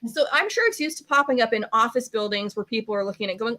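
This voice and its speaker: A woman's voice: fairly high pitch, brisk, sharp tone. A woman hosting a radio book show, chatting casually and joking with her guest. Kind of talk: casual interview chat.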